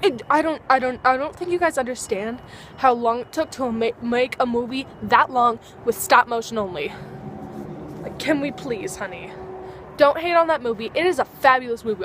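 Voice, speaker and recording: A woman's voice: high voice, animated, a little fast, fairly bright tone, a little hiss or hum. A teenage girl vlogging outdoors at dusk, chatting in a bubbly, rambling way and acting out little dialogues. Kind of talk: casual chat to camera.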